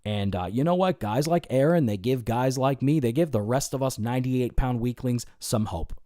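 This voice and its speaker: On a laid-back livestream, a man responds to his chat with profanity, rambling, and constant fillers and restarts. He has a mellow, medium-pitched voice and speaks at normal speed, in a dry, studio-quality recording.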